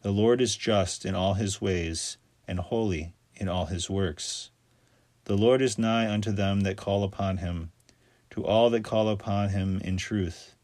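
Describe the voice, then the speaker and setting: A man reading scripture aloud in a steady, measured recitation. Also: fairly low pitch, dry recording. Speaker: scripture reader.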